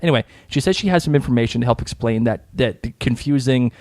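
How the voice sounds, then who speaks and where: A man's voice: mid-range voice, fast, darkish tone, no room sound, studio quality. Boston man hosting a podcast. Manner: jokey, reads listener comments. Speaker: podcast host. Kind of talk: casual podcast chat.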